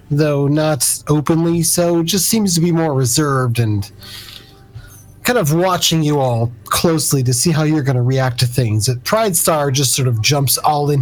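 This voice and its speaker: Man game master, slightly high voice. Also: rough recording. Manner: relaxed, halting, full of fillers. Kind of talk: narrating a tabletop game.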